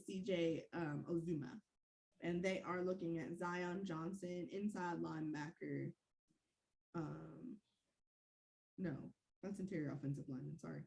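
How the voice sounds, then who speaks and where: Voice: mid-range voice, fairly even intonation, measured pace, gravelly, pauses often, a little mellow. A host in a casual sports podcast works through rosters and numbers with a mid-range voice. The talk is playful, with teasing asides dropped between the lists. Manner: playful, list-reading with asides.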